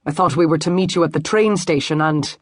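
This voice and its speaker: Brief: a woman doing a poised Scottish lord, aristocratic burr, breathy and dry. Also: sits low, brisk, no echo. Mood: commanding.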